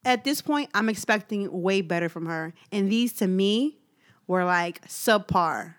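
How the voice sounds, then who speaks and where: A woman's voice: medium pitch, expressive, a little slow. A woman co-hosts a casual music chat. She is blunt and opinionated and laughs often. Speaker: podcast co-host.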